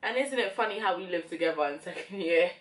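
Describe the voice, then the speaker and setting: Low-voiced young woman chatting reflectively. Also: animated, quick pace. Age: young adult. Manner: reflective, rambling, many fillers. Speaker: beauty vlogger. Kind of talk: casual chat while doing makeup.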